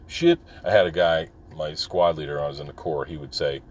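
Deep-voiced veteran talking candidly. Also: male voice, a little fast, few pauses. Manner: candid, rambling, many fillers. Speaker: military veteran. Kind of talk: casual monologue.

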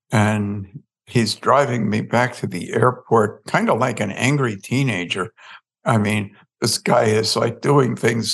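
A man, a podcast guest, telling a story in an animated way and acting out the dialogue. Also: medium pitch, gravelly, breathy edge. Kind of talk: storytelling in an interview.

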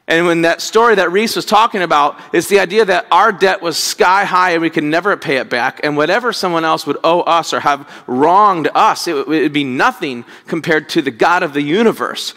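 Male pastor with a high voice, chatty sermon delivery, booming hall echo. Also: sharp tone. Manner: conversational, repeats words, acts out quotes.

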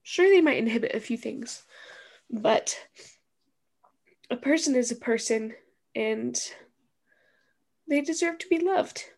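A woman's voice: fairly high pitch, expressive, slow, creaky, pauses often, darkish tone. A young woman co-hosting a podcast, talking in a reflective, hesitant way, still teary. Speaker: podcast co-host. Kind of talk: casual chat.

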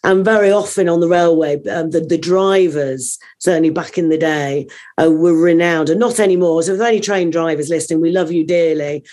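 A woman, a trainer guest on an interview show, telling a long story in a rambling, animated way with many fillers. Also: on the low side, fairly quick.

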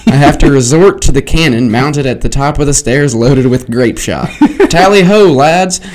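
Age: adult. Sex: male. Figure: a man hamming up a pompous colonial-era gentleman. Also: mid-range voice, moderate pace, a little hiss or hum, lightly acted. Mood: gleeful bluster. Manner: theatrical put-on accent, gleeful.

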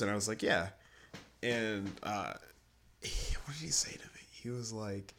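A man's voice: on the low side, moderate pace. A young man telling a funny personal story in casual chat, laughing often and acting out the people he quotes. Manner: animated, laughing, acts out quoted voices.

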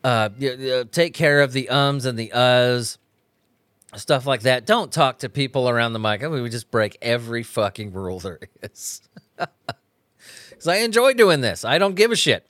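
A man's voice: medium pitch, animated, moderate pace, fairly bright tone, no echo, clean studio sound. A man hosting a casual podcast at home, talking into a microphone on a stand. He rambles, swears freely and laughs often. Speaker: podcast host.

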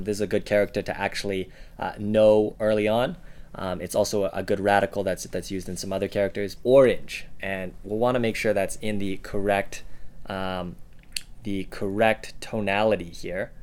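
A man co-hosting a casual podcast lesson, offering example words in a relaxed way with many "uh" and "um" fillers. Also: lowish voice. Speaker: co-host giving examples.

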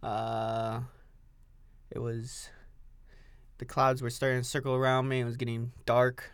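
A man's voice: medium pitch, level tone, measured pace, long pauses, fairly bright tone, smooth, no echo, clean studio sound. A young man hosting a solo podcast, rambling and swearing, repeating himself as he talks while standing with a coffee. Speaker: podcast host.

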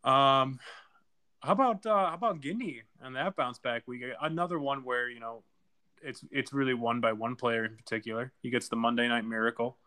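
A man's voice: medium pitch, moderate pace, pushed and bright. A man co-hosting a casual fantasy football recap, blunt and trash-talking, laughing easily. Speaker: podcast co-host.

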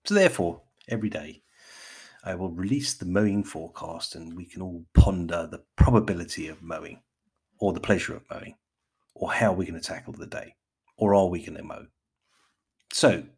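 A man's voice: deep voice, slightly rough. A man from the United Kingdom hosting a gardening podcast in a rambling, chatty monologue, often calling his listeners friends.

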